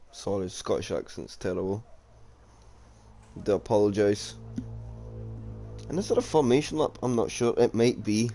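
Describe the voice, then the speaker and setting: A man's voice: on the low side, vocal fry, mellow. Man, casual race commentary, jokey, chats with viewers. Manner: chatty, jokey, reading out chat comments. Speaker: sim racing league commentator.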